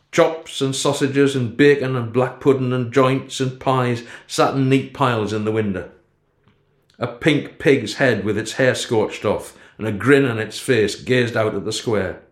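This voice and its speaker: A man reads a first-person story aloud. His voice sits in a middle register and his delivery stays steady and low-key. The recording carries a clear echoey room sound. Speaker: narrator. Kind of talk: storybook reading.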